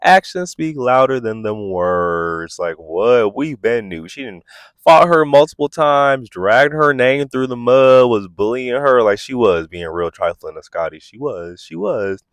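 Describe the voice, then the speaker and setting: A man hosts a reality TV recap vlog with quick, sassy asides, his voice leaping up and down as he acts out what people said. The sound is dry and close, with no room echo. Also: medium pitch, expressive. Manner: acts out quotes in exaggerated voices. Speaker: host.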